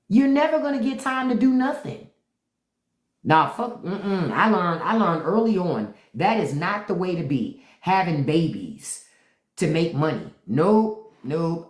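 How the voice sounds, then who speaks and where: A middle-aged woman hosting a live stream, chatting with viewers in a blunt, profane, animated way. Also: medium pitch, roomy sound.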